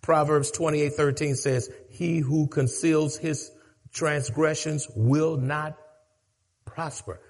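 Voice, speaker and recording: A man preaching a sermon to a congregation. He repeats lines for emphasis and swings between low, quiet stretches and shouted peaks. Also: steady tone, slow. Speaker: pastor.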